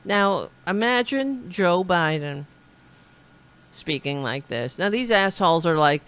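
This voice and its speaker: Slow, smooth sarcastic commentator. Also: medium pitch, expressive, fairly bright tone. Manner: mocking, sarcastic, mimics and repeats quotes. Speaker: comedic commentator reacting to clips.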